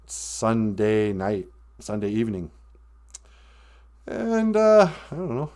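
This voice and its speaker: A man's voice: on the low side, big pitch swings, takes it slowly, a little mellow. A man hosting a casual podcast stream, rambling and joking as he chats with viewers. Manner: rambling, joking, drops in Ojibwe greetings. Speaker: podcast host. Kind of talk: casual live-stream chat.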